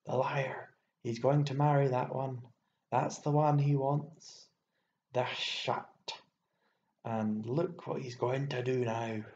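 A rough, jealous country woman with a hollow, mannish voice speaks fiercely, both pleading and demanding, as a male narrator puts her on. Her voice is gravelly and dark. The sound is dull and lo-fi, in an echoey room. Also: mid-range voice, fairly even intonation, measured pace, slight background noise, lightly acted. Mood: bitter.

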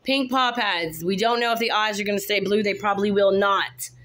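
With a fairly bright, mid-range voice and fairly even intonation, a woman talks briskly while showing her kittens individually. The casual vlog, shot on a handheld phone, has the cat breeder cooing at them in baby talk.

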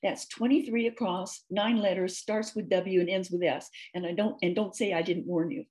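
A grumpy, snarling old man who is a talking crossword puzzle, as a woman reader puts him on. He speaks disagreeably and sulkily, in a storybook reading with a slightly low voice. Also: steady tone, moderate pace, darkish tone, natural voice. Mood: sulky.

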